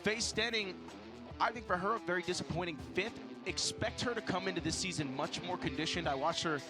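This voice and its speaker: A man's voice: high voice, fairly quick. Male sports commentator, somewhat raised voice, emphatic, over a music bed. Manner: energetic, emphatic lists. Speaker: race commentator and gym owner. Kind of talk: live sports preview commentary.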